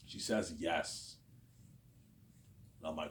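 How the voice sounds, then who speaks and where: Deep-voiced guy in his 30s rambling on, repeats himself a lot, keeps saying obviously. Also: animated, brisk, a little mellow, slight background noise. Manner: repetitive, keeps saying "obviously" and "you know what I'm saying". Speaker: vlogger. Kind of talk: rambling casual monologue.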